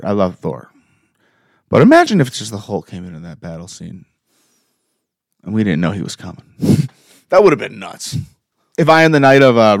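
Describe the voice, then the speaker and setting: A young man co-hosting a podcast, chatting casually and excitably about a movie, rambling and laughing often. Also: lowish voice, no echo, clean studio sound. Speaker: podcast co-host. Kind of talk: casual fan chat reviewing a movie.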